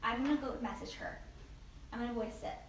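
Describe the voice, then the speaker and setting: Brisk and a little high-pitched, she keeps her networking training talk light and friendly, dropping "like" and "okay?" constantly. The group setting is captured from afar in a reverberant room with some faint noise.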